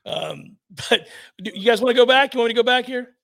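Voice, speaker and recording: A man's voice: extremely high pitch, brisk, creaky. A man co-hosting a casual sports talk show from home, joking and ranting with exasperation. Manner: joking, animated, rants with exasperation. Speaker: sports podcast co-host. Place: home, by a fire at night.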